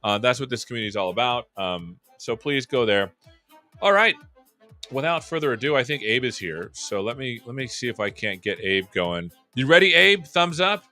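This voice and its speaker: A man's voice: mid-range voice, animated, moderate pace, pushed and bright, faint music behind. A man hosting a tech show, chatting loosely and joking with many fillers. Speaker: show host. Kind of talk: casual live-stream chat.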